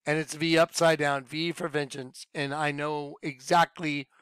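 A man giving an informal, rambling video sermon to his followers, excitable and laughing at his own points. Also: on the high side, a little slow, smooth, dry recording. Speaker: online preacher.

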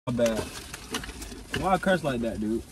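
A man's voice: mid-range voice, lively intonation, moderate pace, background noise. A young man teasing his friends in casual, profane banter at a fair. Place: outdoors at a fair. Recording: music playing behind. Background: music.

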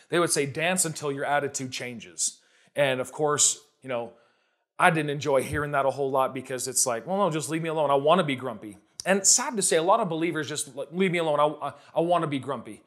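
Energetic pastor man exhorting his flock. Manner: exhorting, urges listeners to repeat and shout along; bursts of loud high emphasis between calmer stretches. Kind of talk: sermon. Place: streamed to viewers at home.

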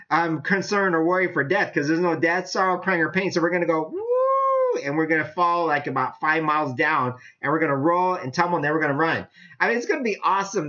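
Animated, chatty male preacher. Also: fairly high pitch. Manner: animated, chatty, laughs often. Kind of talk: casual sermon teaching. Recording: dull lo-fi sound.

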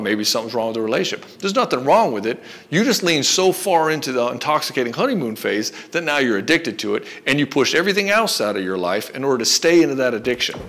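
A man's voice: mid-range voice, fairly bright tone. A man coaching men on relationships in an earnest, direct-to-camera talk, often checking in with "right?". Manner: earnest, repetitive, leans on "right?" and "and so". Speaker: dating coach.

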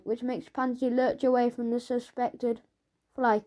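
Mellow woman narrating a children's book. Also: a little high, unhurried. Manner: lively first-person storytelling as a schoolboy. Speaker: audiobook narrator.

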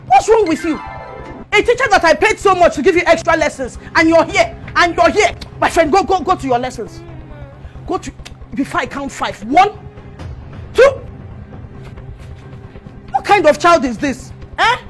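An actress playing a loud, scolding mother in a skit. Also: very high-pitched. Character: scolding, frantic mother of a girl. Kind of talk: skit acting.

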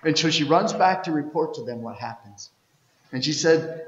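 Male pastor, storytelling sermon, higher voice, long church reverb. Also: lively intonation, normal speed, highs cut off. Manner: storytelling, reading scripture aloud with sudden swings from loud to hushed. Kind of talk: Easter sermon. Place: church sanctuary.

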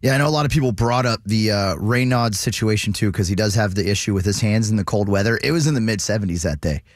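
A man's voice: fairly low pitch, quick pace, no room sound, clean studio sound. A male sports radio co-host giving blunt, exasperated and sarcastic commentary. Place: radio studio.

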